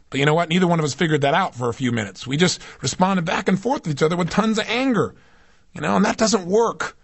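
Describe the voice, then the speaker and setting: A man giving a recorded motivational lecture, emphatic, dropping to low intimate asides and rising to raised intensity. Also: very animated, fairly quick, husky, dry recording. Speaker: self-help speaker.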